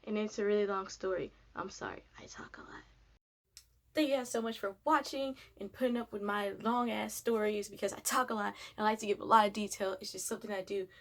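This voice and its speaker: A woman's voice: mid-range voice, fairly even intonation, fast, hardly any pauses. A young woman telling a long, rambling storytime for her vlog, full of fillers and casual swearing. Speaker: vlogger. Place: home, sitting down.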